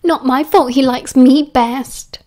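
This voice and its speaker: A woman's voice: sits high, fairly even intonation, slow pace, a little mellow. A woman doing a cheeky young British man. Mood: playful teasing. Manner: playful, coaxing.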